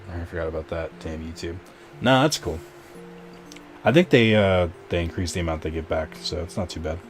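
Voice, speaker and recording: A man's voice: deep voice, fairly quick, faint music behind. A man streaming a game and chatting with viewers in a rambling, casual way, full of fillers and restarts. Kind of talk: casual live-stream chat while gaming.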